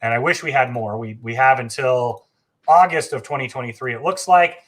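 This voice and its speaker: A man's voice: mid-range voice, a little fast, a bit bright. A man hosting a casual travel live stream, chatty and enthusiastic, with frequent fillers and self-corrections. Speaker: travel agency host.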